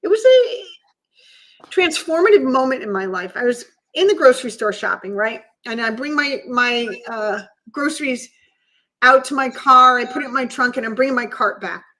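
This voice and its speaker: A woman's voice: high-pitched, animated, moderate pace, sharp tone, low-quality recording. A woman co-hosting a podcast, telling a personal story in an earnest, emotional way. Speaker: podcast co-host. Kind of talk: storytelling in casual chat.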